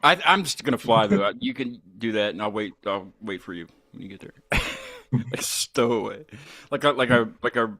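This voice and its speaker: A man hosting a casual interview, rambling and halting, with many restarts. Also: on the low side, animated, bright, forceful tone. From United States. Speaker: podcast host.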